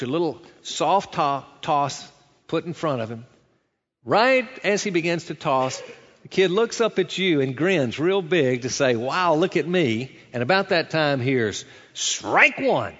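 A pastor giving a sermon in a folksy preaching manner, illustrating points with stories. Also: male voice, a little high, expressive, moderate pace, fairly bright tone, in a large hall, lo-fi sound. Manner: folksy preaching with storytelling and acted-out quotes.

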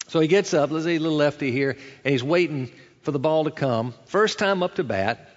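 A pastor giving a sermon in a folksy preaching manner, illustrating points with stories. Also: male voice, fairly high pitch, long reverb tail, highs cut off. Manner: folksy preaching with storytelling and acted-out quotes.

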